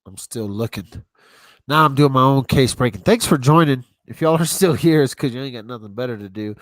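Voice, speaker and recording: A man hosts a livestream in a loose, easygoing way, dropping casual slang and thinking out loud. His voice sits at an ordinary pitch. The sound is dry and close. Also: fairly quick, dry recording. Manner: rambling, laid-back, talks to himself while browsing; casual slang, says y'all. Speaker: YouTube channel host.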